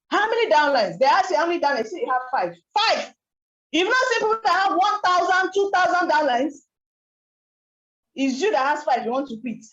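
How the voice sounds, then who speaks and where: A young woman speaks in a high voice, telling her story with emphatic, animated energy and many rhetorical questions. The sound is roomy and a little dull, like a talk given in a hall. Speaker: network marketing speaker. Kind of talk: motivational testimony talk.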